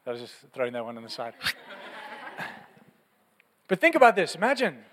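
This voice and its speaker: High-voiced preacher. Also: male voice, normal speed. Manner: animated storytelling, conversational and fervent. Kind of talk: sermon. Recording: long hall reverb.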